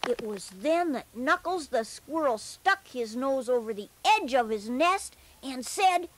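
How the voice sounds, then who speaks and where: A high-voiced bear storyteller. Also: male voice, expressive, measured pace, slight background noise, exaggerated voice. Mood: earnest. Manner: gentle, earnest. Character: cheerful young male bear storyteller. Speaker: narrator. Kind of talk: children's storybook narration.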